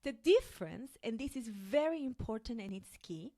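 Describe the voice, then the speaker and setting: A woman's voice: fairly high pitch, very animated, mellow. Patient woman teaching Spanish sounds. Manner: patient, models sounds slowly and repeats them. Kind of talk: online pronunciation lesson.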